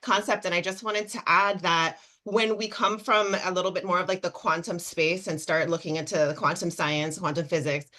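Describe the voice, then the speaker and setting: A woman coach speaking on a webinar panel has a voice on the low side. She's excited and animated, explaining things quickly and piling on examples.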